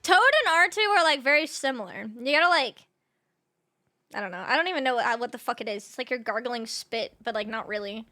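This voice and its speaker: Bright-voiced young woman streamer chatting. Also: on the high side, lively intonation, fairly quick, no room sound, studio quality. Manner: chatty, swears freely, laughs often, lots of "like". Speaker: game streamer. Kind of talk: casual chat while gaming live.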